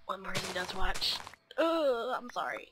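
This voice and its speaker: A woman's voice: medium pitch, a little slow, noisy background. A young woman chatting to camera in a scattered, rambling way, full of fillers and restarts. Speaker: vlogger. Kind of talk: rambling casual chat.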